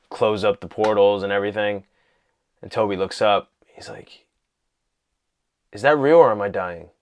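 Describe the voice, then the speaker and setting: Guy with a lowish voice rambling excitedly about a movie, lots of you know and like. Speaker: vlogger reviewing a film. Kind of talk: casual movie talk.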